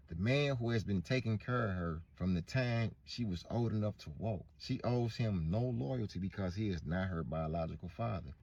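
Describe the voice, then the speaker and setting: Husky man telling a wild story. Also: low-pitched, a little mellow, dull audio. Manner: vivid, profane storytelling with acted-out quotes. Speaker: storyteller in a clip. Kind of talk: storytelling monologue.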